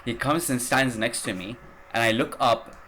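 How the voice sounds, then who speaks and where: A man's voice: medium pitch, moderate pace, sharp tone, slight background noise. A man hosting a podcast, telling a travel story in a rambling, casual way, swearing and using lots of fillers. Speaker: podcast host.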